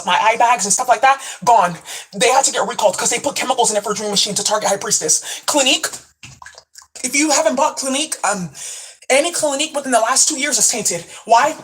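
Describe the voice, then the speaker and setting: Woman rambling into her camera, higher voice, swears a lot, tons of "like"s, hops topic to topic. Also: fairly bright tone, low-quality recording. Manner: profane, rambling, full of "like" fillers; conspiratorial, jumps between topics while showing products. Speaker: vlogger.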